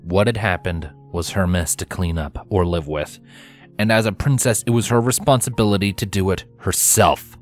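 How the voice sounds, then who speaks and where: Low-voiced male fanfiction narrator. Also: normal speed, faint music behind. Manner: steady storytelling narration with character voices. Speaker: fanfiction reader. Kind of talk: scripted narration.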